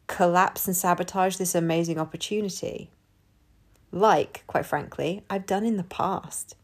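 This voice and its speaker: A woman talks straight into the mic on her own podcast, frank and loose, with plenty of swearing. She laughs easily as she rambles through the episode, and her pitch sits right in the middle. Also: a little mellow. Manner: candid, sweary, laughs often. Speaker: podcast host. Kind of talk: casual solo monologue.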